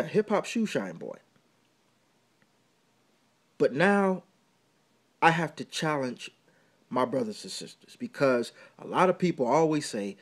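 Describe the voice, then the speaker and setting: Impassioned male talk radio host. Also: medium pitch. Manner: impassioned and preachy, building to loud emphatic outbursts. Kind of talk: opinionated talk radio monologue. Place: small indoor room.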